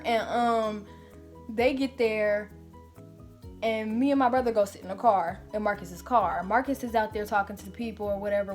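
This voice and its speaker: A woman vlogger telling a get-ready-with-me storytime, talking casually and animatedly with a lot of cursing, from indoors in an apartment. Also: on the high side.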